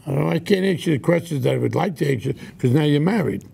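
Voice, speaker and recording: A man hosts a casual talk show, telling brash, joking stories. His voice is rough and gravelly with a husky edge, sitting a little high. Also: animated, fast talker, warm tone. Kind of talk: casual chat.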